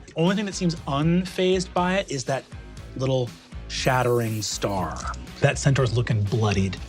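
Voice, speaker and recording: A man running a tabletop game as game master, narrating quickly and vividly with bursts of energy. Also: mid-range voice, a little mellow. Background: music.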